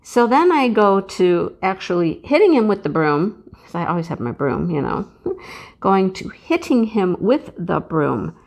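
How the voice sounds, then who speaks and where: A woman hosting a casual chat vlog, telling an animated, rambling story and laughing often. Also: medium pitch, unhurried, vocal fry. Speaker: craft channel host.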